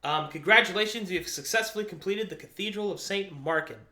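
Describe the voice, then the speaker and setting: Game master, man, high voice, upbeat and loose, roomy echo. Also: a little fast, pushed and bright. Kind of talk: running a tabletop game.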